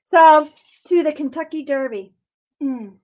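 A bubbly woman chats casually as she mixes a drink on a live stream. Her voice sits high and light. She giggles often and keeps the talk easy. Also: measured pace, a little mellow. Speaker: co-host making cocktails.

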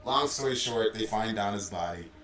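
A man's voice: on the low side, expressive, normal speed, a bit bright. A man telling a story in a casual, loose way, using "like" and "bro" constantly. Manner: loose, filler-heavy, says "like" and "bro" constantly. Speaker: former call center supervisor. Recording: roomy and distant from the mic, faint music.

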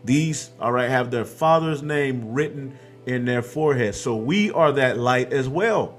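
A man's voice: mid-range voice, animated, measured pace. A man preaching a scripture-reading sermon, quoting verses aloud and tagging his points with "man" and "okay", with a faint hint of music behind.

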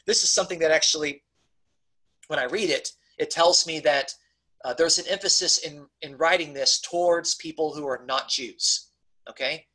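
Male Bible teacher, husky voice, casual lecturing style, stresses key points. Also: a little high, pushed and bright, rough recording. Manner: conversational, repeatedly checks in with "okay?"; emphatic on key points, frequent restarts. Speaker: pastor teaching a Bible study.

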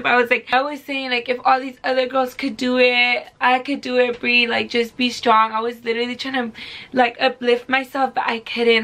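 A woman's voice: fairly high pitch, steady tone, moderate pace, bright, forceful tone. A young woman in her twenties from California, telling a story casually to camera in a chatty, filler-heavy way, swearing freely. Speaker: beauty vlogger.

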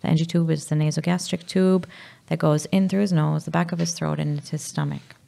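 A Maltese woman in her thirties, speaking candidly as a podcast guest, halting and sometimes dropping to a whisper. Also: deep voice, steady tone, gravelly, warm tone. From Malta. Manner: halting, drops to a whisper at times. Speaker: guest, mother.

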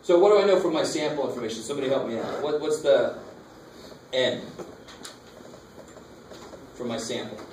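Casual math teacher lecturing a class. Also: male voice, medium pitch, moderate pace, pauses often. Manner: casual, asks the class questions. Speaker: math instructor. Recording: echoey classroom from far off, faint noise.

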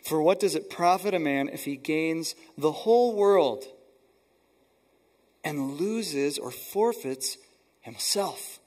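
A man's voice: a little high, slow, darkish tone. A man preaching a sermon as pastor, earnest and emphatic, often repeating words for stress. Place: church sanctuary.

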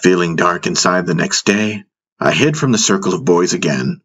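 A man narrating a fantasy audiobook in the first person, in a measured storytelling manner. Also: low voice, fairly bright tone.

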